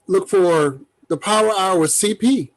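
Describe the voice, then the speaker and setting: A man's voice: sits high, a little slow, rough recording. A man hosting a casual podcast with his cousins, talking in a loose, rambling way full of fillers. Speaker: podcast host. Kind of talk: casual chat.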